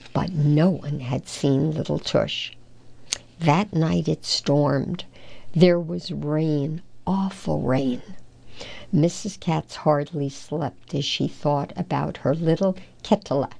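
Slow, gravelly-voiced woman reading aloud. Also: low voice, mellow. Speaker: storybook reader. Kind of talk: storybook read-aloud.

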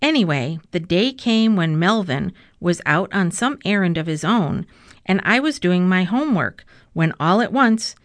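A woman voicing a calm, dryly teasing old grandfather who tells a story in a storybook reading. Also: lowish voice, a little slow, dry recording. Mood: storytelling.

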